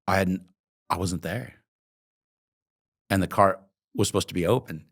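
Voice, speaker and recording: A low-voiced man in his fifties, originally from Oregon, talks through his past in a long interview. He is reflective and openly emotional, pausing with hesitant ums as he recalls. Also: breathy edge. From Oregon, USA. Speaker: guest, coffee company founder. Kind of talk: interview, personal storytelling.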